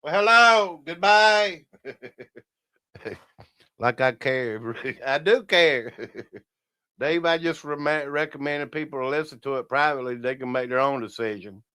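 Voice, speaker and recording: Chatty man with a smooth voice. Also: medium pitch, unhurried, long pauses, fairly bright tone. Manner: rambling, laughs often, talks to viewers as "y'all". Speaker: livestream host. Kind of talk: casual livestream chat.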